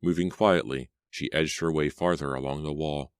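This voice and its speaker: A man reading a horror story aloud as an audiobook narrator, steady and suspenseful. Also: very deep voice, moderate pace, clean tone, no room sound, clean studio sound. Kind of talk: scripted narration.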